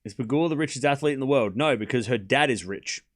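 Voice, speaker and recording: Here a tennis coach and streamer from Australia hosts a live tennis watchalong, chatting casually, reading chat out loud, and calling the action in quick bursts. His voice falls in the mid range.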